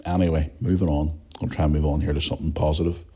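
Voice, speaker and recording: A man's voice: rumbling low, level tone, very fast, dark tone, husky. A man with a Northern Irish accent hosting a podcast, ranting bluntly and swearing often in a casual monologue. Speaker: podcast host.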